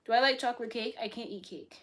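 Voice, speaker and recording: Young woman streaming, cusses a lot, gets loud then drops way down, just talking to chat. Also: fairly high pitch, fast. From Boston, USA. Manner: blunt, profane, swings between loud and soft. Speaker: livestreamer reading chat. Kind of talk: casual live-stream chat.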